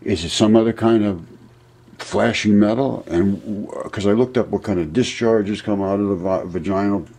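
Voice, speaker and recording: A man talks over his amateur video, earnest and halting, stumbling and restarting his sentences. His voice is low and husky. He is played back from his own video clip. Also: darkish tone. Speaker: presenter of an amateur science video. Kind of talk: casual video narration.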